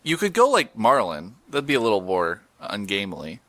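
A man hosting a podcast in a loose, joking way, often breaking into laughter. His voice is bright and swings widely in pitch. The recording is close and dry. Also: huge pitch swings, moderate pace, no room sound. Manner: jokey, laughs often, reads listener posts and plugs. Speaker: podcast host. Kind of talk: casual podcast chat.

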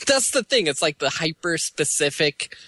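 A man chatting on a podcast, rambling through his stories with many fillers and restarts. His voice sits a bit high and moves around a lot. The recording is dry and close. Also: big pitch swings, bright, forceful tone, no echo. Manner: rambling, halting, full of fillers. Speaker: podcast co-host. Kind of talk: casual podcast chat.

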